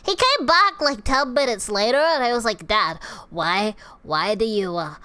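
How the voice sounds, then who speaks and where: A bright, nasal little boy, put on by a woman, so excited to talk that he sucks in loud breaths. His voice is squeaky and swoops wildly, sounding tight and sharp in a dry, close space. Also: measured pace, clean tone, no room sound. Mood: eager. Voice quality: nasal, gasping loud inhales. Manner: breathless, eager, whiny when upset. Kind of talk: livestream voice demo.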